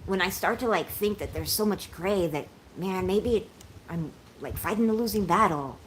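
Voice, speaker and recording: A woman's voice: medium pitch, normal speed, slight background noise. A woman in her forties chatting casually with viewers on a livestream, shaky and unwell, talking in an emotional, rambling way and thanking them often. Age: 40s.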